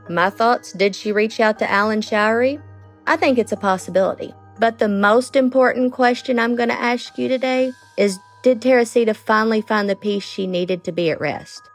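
Woman musing aloud on a podcast. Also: medium pitch. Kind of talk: casual commentary.

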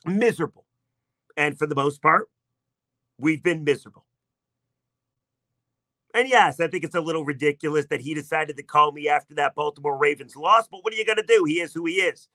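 A man's voice: on the high side, a little fast, long pauses, bright, forceful tone, dry recording. A man hosting a sports talk radio show, telling a story in a chatty, sarcastic way.

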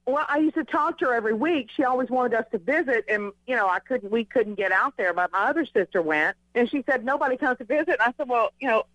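A woman's voice: on the high side, animated, fast, hardly any pauses, a bit bright, no room sound, muffled recording. A woman calling in to a radio show by phone, joking and laughing as she talks. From Louisiana. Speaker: caller. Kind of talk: call-in radio talk. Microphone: telephone.

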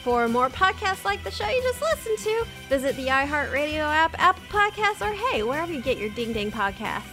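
A high-pitched woman signs off her podcast in a loose, giggly, self-mocking way. Music plays clearly underneath her voice. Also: sing-song, fairly quick. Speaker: podcast host. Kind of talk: casual podcast outro.

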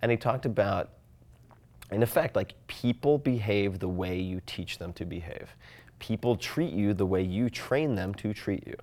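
A man in casual podcast conversation, talking things through in a thoughtful, animated way about his own habits. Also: on the low side, normal speed. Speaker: podcast guest.

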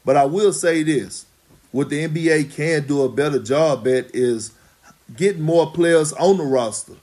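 A man talks as a retired basketball player in a loose podcast conversation. His voice sits a little high for a man. He talks slowly and emphatically, with blunt, profane phrasing. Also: darkish tone. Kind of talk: casual podcast chat.

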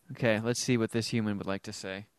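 A man's voice: fairly low pitch, no room sound, clean studio sound. A man hosting a comedy podcast, reading out voicemails with crude, joking banter. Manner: crude, joking, laughs easily. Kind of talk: casual comedy podcast chat.

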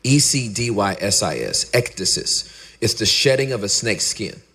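Animated middle-aged pastor telling stories. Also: male voice, moderate pace, breathy edge. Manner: animated storyteller, acts out dialogue in a high voice. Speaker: pastor and podcaster. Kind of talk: candid conversational interview.

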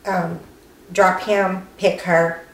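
A woman's voice: on the low side, little pitch movement, extremely slow. A woman telling the story of a family loss in an interview, reenacting what was said. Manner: tells events plainly, reenacting dialogue. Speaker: family member of victim. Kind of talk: personal account in interview. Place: family's home on location. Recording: echoey room, faint noise.

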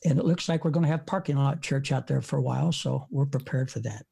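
A man's voice: medium pitch, quick pace, vocal fry, mellow, slightly rough. A man in his seventies, an evangelist preacher, telling stories in a folksy, rambling way with many fillers, speaking from his front porch. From United States. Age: 70s. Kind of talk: storytelling in an interview.

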